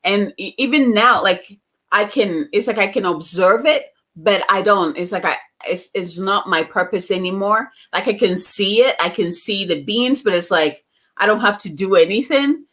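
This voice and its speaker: A woman's voice: medium pitch, normal speed, fairly bright tone. A woman guest from outside the US, telling personal stories in a casual, chatty way with frequent laughs and fillers. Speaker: psychic medium guest. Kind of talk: casual interview storytelling.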